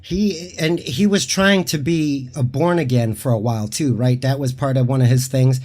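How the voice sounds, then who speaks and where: A man's voice: mid-range voice, moderate pace, darkish tone. A man appearing as a guest on a casual livestream, combative, sarcastic and profane.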